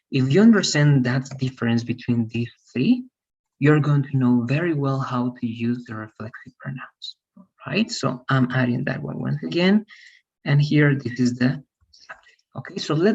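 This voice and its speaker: A man's voice: medium pitch, animated, unhurried, darkish tone, slightly rough, highs cut off. A man teaching an online English grammar lesson, patiently repeating examples and checking with "all right?".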